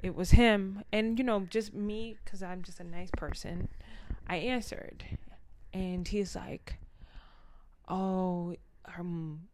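A woman's voice: medium pitch, measured pace. A woman casually telling a personal story, acting out what people said along the way. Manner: candid, animated retelling with quoted dialogue.

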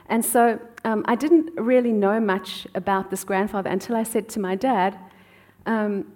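A middle-aged woman from South Africa, an author telling her family story in an interview, with many pauses and "um"s. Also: medium pitch. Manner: warm storytelling with frequent "um" pauses. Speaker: author and guest. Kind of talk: conversational interview answers.

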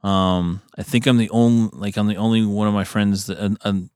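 A man's voice: fairly low pitch, fairly even intonation, a little fast, a little mellow, clean tone, dry recording, clean studio sound. A man co-hosting a podcast, telling a story in casual chat, laughing often, swearing, and using many fillers. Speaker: podcast co-host.

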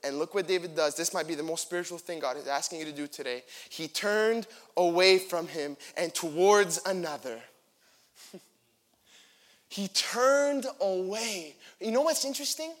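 Young male preacher, high voice, lively sermon delivery acting out scripture characters. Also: normal speed. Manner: animated, acts out the figures in quotes.

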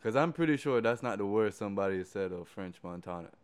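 A man's voice: on the low side, expressive, quick pace. A man co-hosting a casual podcast, talking in a laid-back way and often repeating himself.

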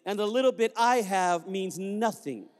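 A man's voice: sits high, lively intonation, a little slow, darkish tone. A preacher retelling the words of a big, emotional man during a sermon, his voice set in a reverberant hall. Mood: tearful.

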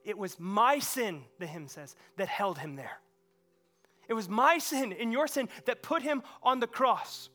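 A male pastor delivers a sermon in a church sanctuary with a high, ringing, bright voice. He swings between fervent, loud exclamations and soft, hushed passages. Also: animated, a little slow, faint music behind.

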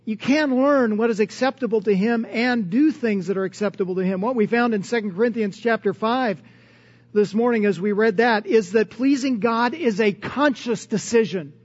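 A pastor with a notably high voice preaches earnestly and conversationally, stacking up rhetorical questions. The recording is dull and lo-fi. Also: male voice, normal speed. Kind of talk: sermon.

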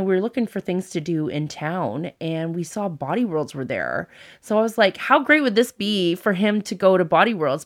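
A woman in her thirties, a former TV presenter, telling a story in casual chat, laughing often and acting out what people said. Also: fairly low pitch. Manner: animated, laughs often, acts out quotes.

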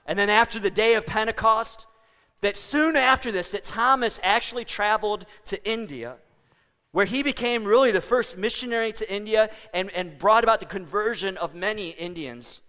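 Through the long, ringing reverb of a church hall comes a male pastor's high, bright, smooth voice at a moderate pace. His sermon is conversational and animated, built around storytelling.

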